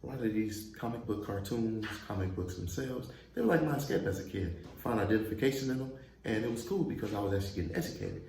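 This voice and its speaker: A man's voice: fairly low pitch, expressive, quick pace, creaky, hardly any pauses, darkish tone. A man hosting a casual, chatty reaction commentary who laughs often. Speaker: host. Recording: echoey room, faint noise.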